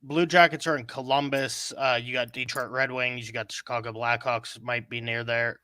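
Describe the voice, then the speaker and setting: Bright-voiced man from Pittsburgh. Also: mid-range voice, flat delivery, normal speed, no echo. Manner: hesitant, many ums while listing teams. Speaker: podcast co-host. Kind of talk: casual podcast chat.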